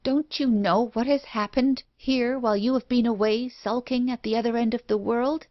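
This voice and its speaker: A woman reading an audiobook, voicing a frantic, guilty woman accomplice in a shrill voice on a dull, lo-fi recording. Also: steady tone, moderate pace, lightly acted.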